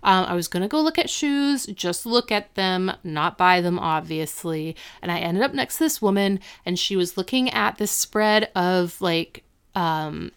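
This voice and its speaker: A woman's voice: mid-range voice, clean tone. A woman chatting casually on a podcast, recapping a TV episode and acting out the characters' lines in a raised voice. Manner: animated, acts out quotes in a raised voice.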